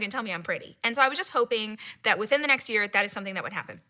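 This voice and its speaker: A middle-aged woman excitedly retelling a personal story, breathless and giddy, sometimes dropping into whispered asides. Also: mid-range voice, fast, few pauses. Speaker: podcast host retelling a date story.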